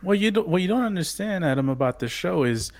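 A man's voice: high voice, expressive, quick pace, no room sound. A man co-hosting a podcast, chatting casually about a TV show, hesitant with frequent restarts. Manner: hesitant, many restarts, chuckling asides. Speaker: podcast co-host. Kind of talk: casual chat discussing a TV show.

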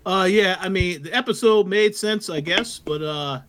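A man co-hosting a podcast, giving measured, hesitant opinions. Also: sits high, fairly bright tone, a little hiss or hum. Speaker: podcast co-host. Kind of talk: casual podcast chat.

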